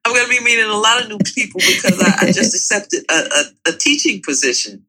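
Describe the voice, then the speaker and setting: A woman in her forties co-hosting a podcast, telling stories in an earnest, halting way with repeated words. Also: mid-range voice, expressive, heavy background noise. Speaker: podcast co-host. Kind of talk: casual chat.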